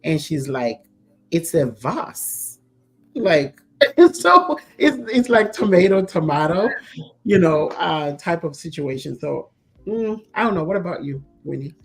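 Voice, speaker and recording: A woman chats as a talk show co-host, her voice sitting very low for a woman. She tells stories in an easygoing way and breaks into laughter often. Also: unhurried, vocal fry. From Zambia. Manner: laughing often, relaxed storytelling. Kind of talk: casual chat.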